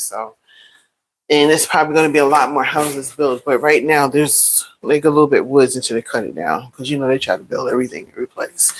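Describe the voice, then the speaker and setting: Brief: middle-aged woman vlogger, low voice, animated casual storytelling. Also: slight background noise, low-quality recording. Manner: animated storytelling with playful exclamations. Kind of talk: casual storytelling while cooking.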